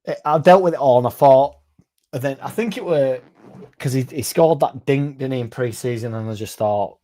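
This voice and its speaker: A man's voice: medium pitch, lively intonation, a little fast, mellow. A man hosting a casual livestream, rambling, swearing and chatting to viewers by name. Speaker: fan channel livestream host.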